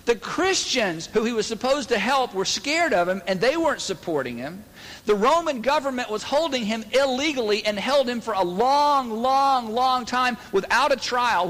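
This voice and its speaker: Pastor guy preaching, kinda high voice, chatty, long echo in the church. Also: fairly bright tone. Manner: conversational, acts out quoted voices. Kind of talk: sermon. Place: church sanctuary.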